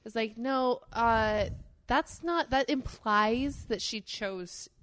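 A woman's voice: fairly high pitch, slow pace, fairly bright tone. A woman who is a guest on a podcast, chatting casually and making emphatic, agreeable points. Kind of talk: casual chat.

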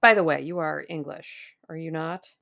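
A woman reading the part of a genial, persuasive middle-aged businessman with a scheme, in a low gravelly voice. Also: normal speed, fairly bright tone. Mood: smooth, persuasive.

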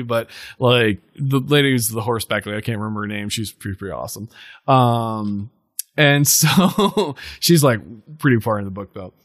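Male podcast host, loose rambling delivery, mid pitch, dry sound. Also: a bit bright, dry recording. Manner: rambling, full of fillers and self-corrections. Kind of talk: casual chat.

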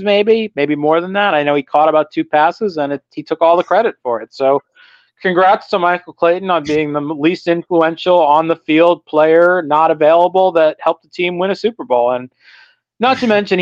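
A man's voice: fairly high pitch, no echo, muffled recording. A man co-hosting a casual sports podcast, blunt and opinionated, laughing as he rants. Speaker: podcast co-host.

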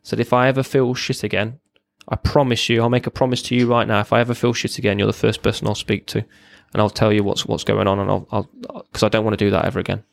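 A man's voice: on the low side, level tone, quick pace, creaky, hardly any pauses. A man, a military veteran, giving a raw, blunt personal account as a podcast guest, swearing freely and often restarting his sentences.

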